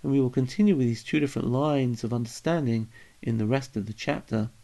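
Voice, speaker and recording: A man's voice: medium pitch, a little fast, creaky, dark tone. A man teaching a recorded Bible lesson. He reads Hebrew phrases, translates them, and acts out the quoted figures with a livelier voice.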